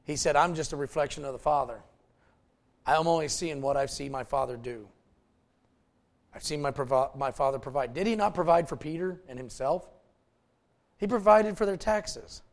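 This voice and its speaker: Man, pastor, animated folksy sermon, gravelly. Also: a little high, normal speed, pauses often. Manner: folksy, animated preaching with asides to the congregation.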